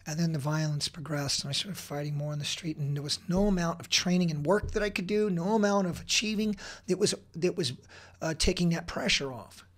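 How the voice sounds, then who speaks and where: A man's voice: fairly high pitch, a little fast, fairly bright tone. Intense, blunt-talking man in his forties. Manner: intense, blunt, swears, frequent restarts. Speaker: podcast guest. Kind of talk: emotional personal storytelling.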